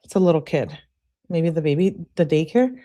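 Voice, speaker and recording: A woman's voice: low voice, lively intonation, moderate pace, warm tone. A woman hosting her channel, reading text messages aloud in a casual way and adding blunt, profane asides while greeting viewers. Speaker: channel host reading case evidence.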